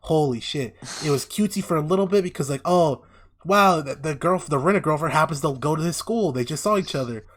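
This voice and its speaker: A man co-hosting a casual podcast, recapping an anime with animated storytelling and acted-out lines. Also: a little high, fast, hardly any pauses, a little hiss or hum. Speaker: podcast co-host.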